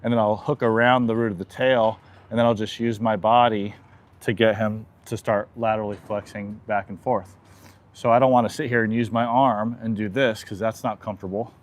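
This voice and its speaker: A man working as an equine chiropractor, calmly explaining a hands-on demonstration with a horse and softly soothing it. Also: lowish voice, brisk.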